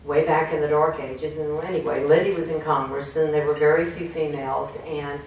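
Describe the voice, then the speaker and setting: A woman's voice: low-pitched, fairly even intonation, normal speed, a little mellow. A woman giving a folksy motivational talk to a room, often putting questions to the audience. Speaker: speaker at a women's business network. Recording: echoey room, distant mic, faint noise.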